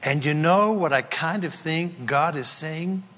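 A male pastor preaching a sermon, emphatic and swinging between loud declarations and hushed whispers. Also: on the high side, unhurried, big-room sound.

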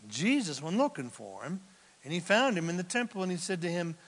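A man preaching a sermon as pastor, swinging dramatically from hushed, almost whispered asides to loud, emphatic declarations. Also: high-pitched, very animated, brisk, vocal fry. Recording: long reverb of a large hall.

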